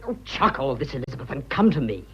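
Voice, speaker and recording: A man's voice: medium pitch, very animated, quick pace, muffled recording, lightly acted. An actor playing an earnest, flustered young businessman declaring his love, stammering in clipped upper-class British speech in a radio drama.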